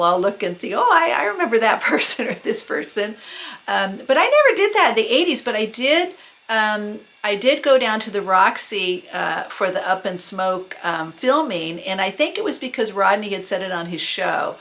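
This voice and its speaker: This is a woman in her sixties, speaking with a noticeably gravelly, creaky texture as she chats through an old memory. She meanders with ums and uhs and lets out short laughs at her own expense. A faint background hiss sits under her voice. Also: lowish voice, fairly bright tone, low-quality recording. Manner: rambling, many fillers, quick self-mocking laughs. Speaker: vlogger recalling the early punk scene. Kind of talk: casual spoken memoir.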